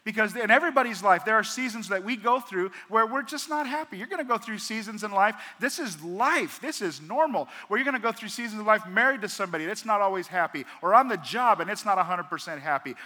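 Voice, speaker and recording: A man's voice: sits high, bright, forceful tone. A man pastor preaching a sermon, acting out dialogue and firing off rhetorical questions. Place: large church hall. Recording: long hall reverb.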